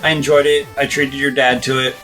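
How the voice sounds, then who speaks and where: A man's voice: mid-range voice, little pitch movement, a little fast, pushed and bright, faint music behind, poor audio. Laid-back male podcast guest. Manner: laid-back, short agreeing replies. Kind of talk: casual podcast chat.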